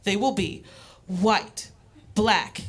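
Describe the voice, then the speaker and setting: A woman voicing her intense, overexcited mother, who gasps and bursts into shouts, over live crowd laughter. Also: medium pitch, extremely slow, husky. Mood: gushing, shouting. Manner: gasping, breathless, bursting into shouts.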